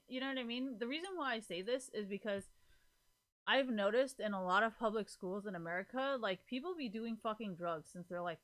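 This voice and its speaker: A woman streamer chatting casually to her live audience, rambling, swearing freely and filling nearly every pause with "like". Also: mid-range voice, a bit bright. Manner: rambling, profane, fills every gap with "like".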